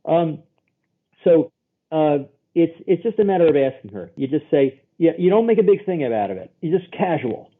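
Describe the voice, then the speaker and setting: A man's voice: fairly high pitch, expressive, normal speed. A man, a sex therapist, answering podcast interview questions in a chatty way, explaining with homely examples and quoted voices. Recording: tinny phone line.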